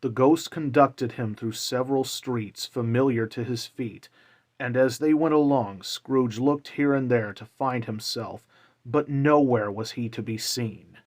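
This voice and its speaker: A man reading a classic novel aloud in a measured, calm way. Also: medium pitch, rough recording. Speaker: reader.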